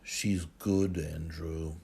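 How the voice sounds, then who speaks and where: An audiobook reader voicing an older father with a low, slow, soft-spoken manner. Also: little pitch movement, vocal fry, husky, exaggerated voice. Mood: chiding. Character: older Scottish father, gruff but tender.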